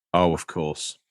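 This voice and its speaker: A man's voice: deep voice, no room sound, studio quality. A man co-hosting a podcast in casual chat, playful and rambling, drifting into absurd jokes. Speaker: podcast co-host.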